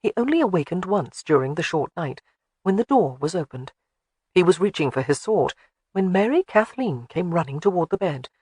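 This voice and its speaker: A man reading an audiobook in a measured, even way. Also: sits high, husky, no echo. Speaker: audiobook narrator. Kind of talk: scripted narration.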